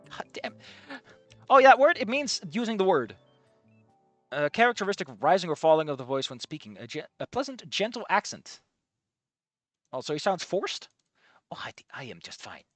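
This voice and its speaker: A man's voice: a little high, a bit bright. A man reading a story aloud and commenting on it in a rambling, casual way, cursing freely and breaking off mid-thought. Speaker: fan fiction reader and commentator.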